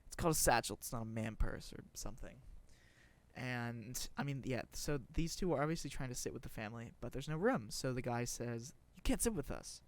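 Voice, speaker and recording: A man's voice: medium pitch, brisk. Rambling, sarcastic young man. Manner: rambling, profane, sarcastic, with many restarts and fillers. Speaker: video creator. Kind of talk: casual rambling commentary.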